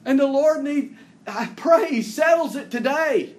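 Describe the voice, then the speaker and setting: A man preaching a sermon in an earnest way, reading scripture aloud with rising emphasis and letting his phrases fall low and soft at the ends. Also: unhurried. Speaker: pastor.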